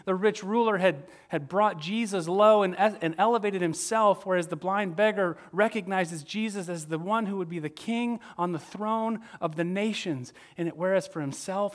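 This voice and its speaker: A male pastor preaching a sermon, asking the audience questions and moving between soft asides and raised emphasis. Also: sits high.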